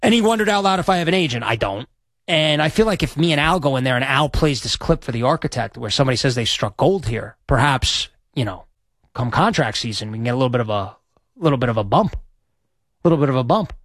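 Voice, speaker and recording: A man's voice: medium pitch, expressive, fast talker, a bit bright, no room sound. A man hosting a sports radio show, talking in a rambling, chatty, self-deprecating way into a studio microphone. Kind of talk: casual radio chat.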